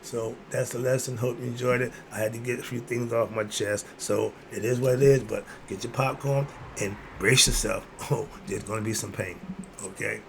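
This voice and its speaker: A man's voice: medium pitch, steady tone, normal speed, gravelly, fairly bright tone, slight background noise. A man in his sixties hosting his own video, ranting bluntly and answering his own rhetorical questions. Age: 60s. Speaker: video host. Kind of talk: ranting monologue.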